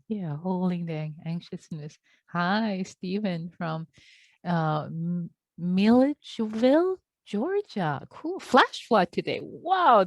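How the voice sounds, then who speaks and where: A woman meditation teacher on a video call, reading out attendees' check-ins and responding with warm, affectionate remarks. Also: mid-range voice, no room sound.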